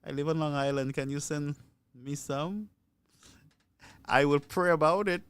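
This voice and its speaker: A man's voice: fairly high pitch, a little slow, clear, resonant tone, no room sound. A man hosting a call-in radio show, joking and greeting listeners by name. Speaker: radio call-in host and pastor. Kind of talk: casual call-in radio chat.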